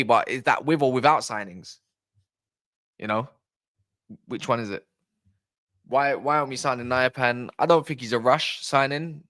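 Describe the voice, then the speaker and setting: A man's voice: medium pitch, fairly bright tone, no echo, clean studio sound. A man hosting a football fan channel, chatting casually on a live stream in a blunt, rambling way and swearing freely.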